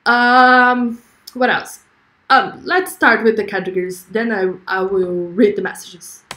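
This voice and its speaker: A woman's voice: mid-range voice, fairly even intonation, a little slow, pushed and bright, roomy sound. A young woman hosting a livestream, chatting effusively and reading viewer comments aloud. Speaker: livestream host. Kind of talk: casual livestream chat.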